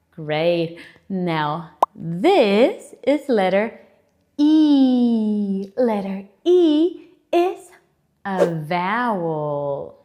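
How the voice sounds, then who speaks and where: A woman leads a children's phonics lesson, drawing out each letter sound at a very unhurried pace. Her pitch swings widely as she praises and invites the little ones to repeat after her. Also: a little mellow. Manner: slow, clearly articulated, exaggerated letter sounds; encouraging, repeats and invites kids to join in. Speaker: English teacher for children.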